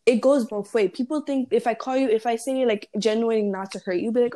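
A woman's voice: fairly high pitch, brisk, hardly any pauses, mellow. Young girl rambling on a call, likes and restarts everywhere, guest on a chat. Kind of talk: casual chat over a call.

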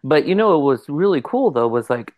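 A man co-hosting a podcast, chatting casually and telling lively stories, voicing the people in them with sudden jumps in pitch. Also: brisk, narrow, tinny audio. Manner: animated storyteller, mimics people with pitch jumps. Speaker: podcast co-host.

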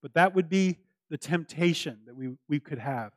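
A man's voice: on the high side, normal speed, no room sound. A man preaching a sermon as pastor, earnest and emphatic, repeating his key phrases for weight.

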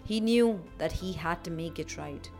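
A woman tells a children's legend for a kids' radio show, her narration expressive and lively. Soft music runs faintly beneath her voice. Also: lowish voice, moderate pace. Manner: expressive, warmly animated storytelling.

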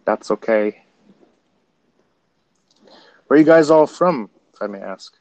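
A man from Canada chats casually on a livestream, talking straight to his viewers and laughing things off. His voice sits at an ordinary middle pitch, and his manner stays relaxed and easygoing throughout. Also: slow pace, no echo, poor audio. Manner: chatty, laughs things off, addresses viewers directly. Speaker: livestream host.

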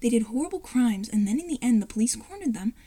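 A woman narrates a fan-written cartoon story at home, breaking off for chatty asides and brushing past her stumbles. Her voice is fairly high yet mellow and soft-toned, picked up on a home computer mic. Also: animated, quick pace, husky. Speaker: fan-fiction reader and narrator. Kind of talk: reading a fan script aloud at home.

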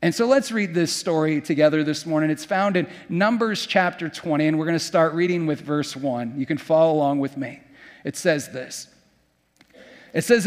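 A man's voice: a little high, moderate pace, in a large hall. A male pastor preaching a sermon and reading scripture aloud, often stumbling and repeating his first words.

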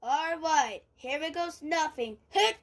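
Woman, improvised toy play, playful, exclaiming, high pitch, very slow pace. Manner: playful, voices many toys, exclaims often.

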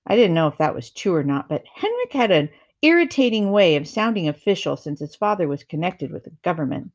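A woman reads a first-person novel aloud, narrating in a calm, measured way. Her voice sits on the low side for a woman. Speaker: reader.

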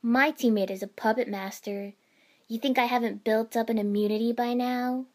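A woman's voice: a little high, steady tone, moderate pace, close to an everyday voice. Woman reading as a cocky young female ninja. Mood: taunting. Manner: loud and mocking.

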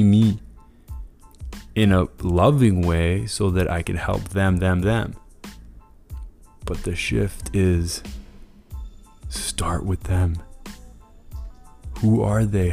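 A man's voice: low-pitched, vocal fry, dark tone. A man hosting a motivational podcast monologue, enthusiastic and freely profane. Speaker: podcast host.

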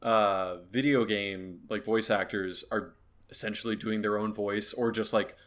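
A man's voice: fairly low pitch, fairly even intonation, unhurried, a bit bright. A young man co-hosting a podcast in casual chat, arguing his point and explaining at length. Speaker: podcast co-host.

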